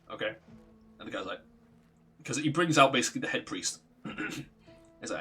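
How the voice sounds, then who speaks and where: A man casually recounting a tabletop game session, animated, swearing freely and laughing often. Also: mid-range voice, quick pace, slightly rough, faint music behind. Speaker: streamer recounting a tabletop campaign. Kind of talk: casual storytelling.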